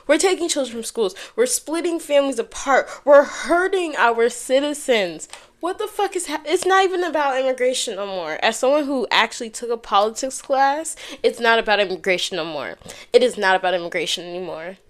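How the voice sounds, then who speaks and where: A woman's voice: on the high side, expressive, a little fast. A young woman hosting her own podcast alone, talking candidly and casually into a microphone, swearing freely and often saying y'all. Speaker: podcast host. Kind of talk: casual solo talk to camera. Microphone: headphones and microphone.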